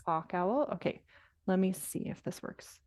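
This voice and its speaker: A woman's voice: fairly low pitch, unhurried, background noise. A woman presenting a nature lesson to children over a video call, upbeat and encouraging, with laughs and fillers.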